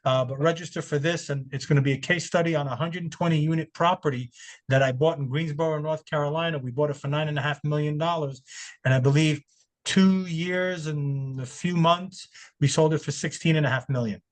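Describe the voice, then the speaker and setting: A man's voice: fairly high pitch, fairly quick. A man hosting a webinar over a video call, talking loosely and often repeating his words. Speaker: webinar host. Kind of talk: casual webinar chat.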